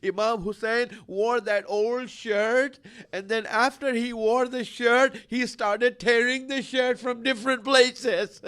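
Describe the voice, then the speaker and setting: A man preaching a sermon and telling a sad story in an emotional, lamenting way, with long pauses, in an Islamic center hall. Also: extremely high pitch, steady tone, fairly bright tone, clean tone.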